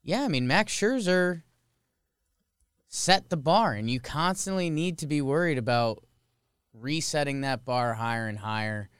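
A man's voice: mid-range voice, measured pace, smooth, no room sound, clean studio sound. A man co-hosting a podcast, chatting casually and jokily about sports. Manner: animated, joking, rambling. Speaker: podcast co-host.

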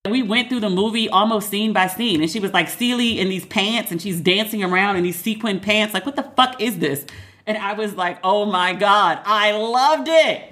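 A woman's voice: mid-range voice, moderate pace, fairly bright tone. A woman hosting a podcast, talking casually and emphatically, acting out both sides of a conversation with a friend. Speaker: podcast host. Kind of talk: casual solo podcast monologue.

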